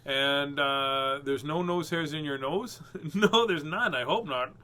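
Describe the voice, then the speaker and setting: A man with a slightly high, slow voice that is pushed, bright, and smooth hosts a storybook reading. He reads picture books aloud, joking playfully between pages and laughing frequently.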